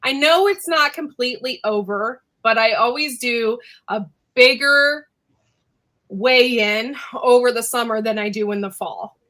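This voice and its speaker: A woman's voice: fairly high pitch, unhurried, bright, forceful tone, poor audio. A woman hosting a casual live chat, talking chattily and laughing often. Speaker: host.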